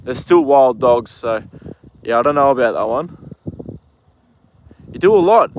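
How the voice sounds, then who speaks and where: A man's voice: mid-range voice, lively intonation, measured pace, a little hiss or hum. An Australian man hosting a casual live stream outdoors at a horse paddock, chatting easily to his horse and his viewers. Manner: easygoing, chats to his horse and reads viewer comments. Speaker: livestream host.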